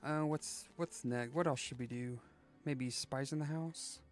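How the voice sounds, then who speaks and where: This man streams a game and chats casually, rambling with plenty of "like" and "you know" and playfully slipping into sing-song voices. His mid-range voice stays steady and a little slow, with soft music playing behind him.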